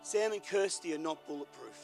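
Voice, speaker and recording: An older pastor preaching in a relaxed, storytelling way. His voice sits high for a man and has a gravelly edge. He drops quiet, then lifts loud for emphasis. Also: a little fast, soft background music. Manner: folksy storyteller, swings between quiet and loud. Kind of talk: sermon with personal story.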